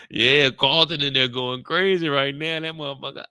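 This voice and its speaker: A man's voice: medium pitch, a little fast, hardly any pauses, bright, forceful tone, clear, resonant tone, no echo, clean studio sound. Slangy, joking man recapping a show. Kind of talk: casual reaction commentary.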